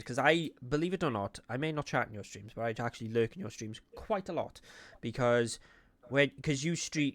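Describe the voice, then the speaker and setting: A man's voice: medium pitch, a bit bright, no room sound. A man with a Welsh accent hosting a casual chat, talking in a rambling, jokey way. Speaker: podcast host.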